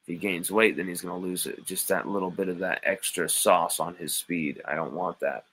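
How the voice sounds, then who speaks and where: A man's voice: sits low, fairly even intonation, moderate pace, a bit bright, slight background noise, poor audio. A man hosting a live sports stream, reading chat comments aloud and arguing back with playful mock indignation.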